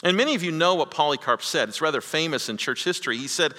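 A male pastor preaching a sermon, swinging between loud emphatic lines and hushed low ones, often repeating words as he goes. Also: animated, fast talker, few pauses, long reverb tail.

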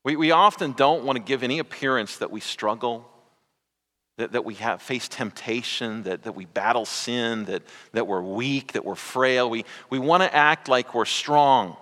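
A man preaching a sermon as pastor, swinging from loud, stretched phrases to hushed asides. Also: mid-range voice, moderate pace. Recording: reverberant hall.

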